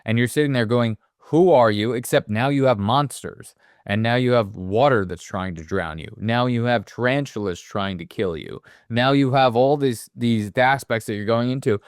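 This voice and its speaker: Male podcast co-host, smooth resonant voice, loose and profane, dry close-miked sound. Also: mid-range voice, moderate pace, dry recording. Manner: rambling, profane, animated asides. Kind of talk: casual movie podcast chat.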